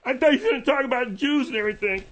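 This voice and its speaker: A man's voice: very high voice, rapid-fire, a bit bright, dull audio. A man co-hosting a radio show, tossing in goofy, eager interjections. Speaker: radio co-host. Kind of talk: casual radio banter.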